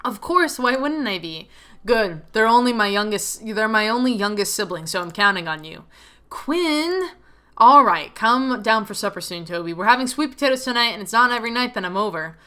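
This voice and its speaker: A woman voicing a cheerful, loud older brother in a visual novel who teases and protects his sibling. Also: expressive, normal speed, clear, resonant tone. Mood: boisterous. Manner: booming, teasing, protective. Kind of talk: reading a visual novel aloud.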